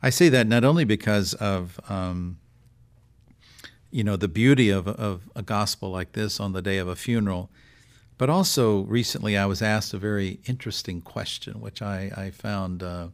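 A middle-aged man who is a bishop, reading a gospel passage in a measured way and then reflecting on it with pauses and fillers. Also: lowish voice. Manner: measured, with pauses and fillers when speaking freely. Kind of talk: scripture reading and reflective discussion.

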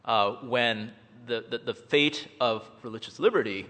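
A guest speaker at a church event, a man with a medium-pitched, slightly bright voice, delivers an impassioned speech at a somewhat slow pace. He is emphatic, letting his voice rise and fall for effect. The recording carries the reverberation of a large hall.

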